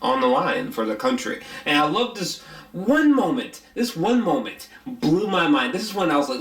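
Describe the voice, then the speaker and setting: A man's voice: a little high, very animated, moderate pace, a bit bright. A man giving a casual, rambling spoken film review, blunt and profane, with many fillers and restarts. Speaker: movie reviewer. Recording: roomy echo.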